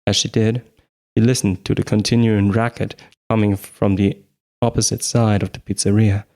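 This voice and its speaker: A man's voice: fairly low pitch, little pitch movement, moderate pace, mellow. A man narrating a horror story as an amateur audiobook reader, with small slips he corrects. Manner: plain reading with small slips and self-corrections.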